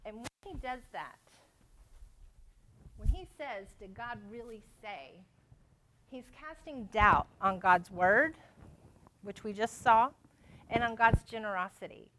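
A woman leads a Bible lesson, reading scripture and then unpacking it in an emphatic, conversational way. Her voice is bright and sits somewhat high. She stumbles and restarts now and then as she explains. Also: lively intonation, a little slow, long pauses, a little hiss or hum. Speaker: Bible study teacher.

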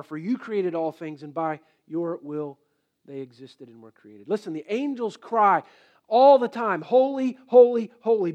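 Male pastor, light high voice, emphatic sermon delivery. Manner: emphatic preaching, rising and falling loudness; reads scripture aloud slowly.

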